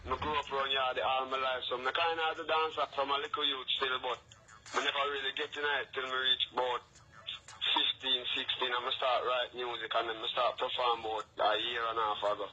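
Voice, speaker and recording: A man's voice: mid-range voice, little pitch movement, a little fast, sharp tone. Laid-back young man in Jamaican patois. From England. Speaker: phone-in guest. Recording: muffled phone line with faint hiss.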